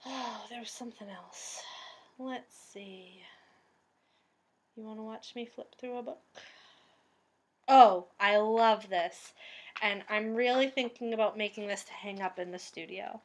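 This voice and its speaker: A woman's voice: fairly high pitch, a little slow, pauses often. A young woman with a Boston accent, chatting casually about her knitting and sewing projects in a rambling way, with many "um"s. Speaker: crafting vlogger. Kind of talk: casual crafting vlog chat.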